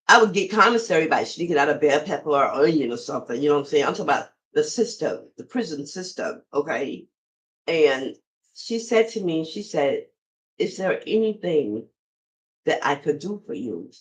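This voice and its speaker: A deep-voiced, middle-aged woman hosts a podcast, telling a story from her own life in a relaxed, conversational manner aimed directly at her audience. The recording is of low quality.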